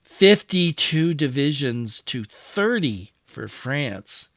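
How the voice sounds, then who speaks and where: Male host, unhurried game commentary, mid-pitched voice, addresses his units while thinking aloud. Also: very animated, a bit bright, no echo. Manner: musing, talks to his units as he moves them. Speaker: wargame channel host. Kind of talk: casual strategy game play-through commentary.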